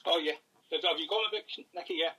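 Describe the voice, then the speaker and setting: A Scottish man in casual interview chat, rambling and thinking aloud with many pauses. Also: on the high side, pushed and bright, slightly rough, poor audio. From Scotland. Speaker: paranormal investigator and author.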